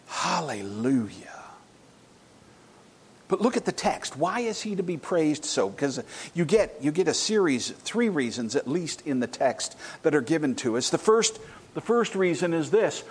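A man preaching a sermon, swinging between loud exclamations and hushed, near-whispered reflection. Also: a little high, sing-song, normal speed, breathy edge. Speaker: pastor.

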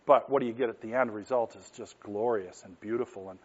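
A man's voice: on the low side, quick pace, lo-fi sound. A middle-aged man, a pastor, preaching a sermon in an earnest, conversational way with frequent rhetorical questions.

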